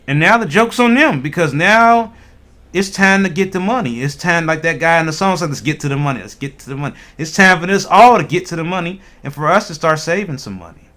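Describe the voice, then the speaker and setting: A male livestream host chats with his viewers in a loose, animated way and laughs easily. His pitch sits a little high and moves a lot. His tone is bright and forceful. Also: brisk. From Ohio. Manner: animated, laughing, talks to chat. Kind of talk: casual livestream chat.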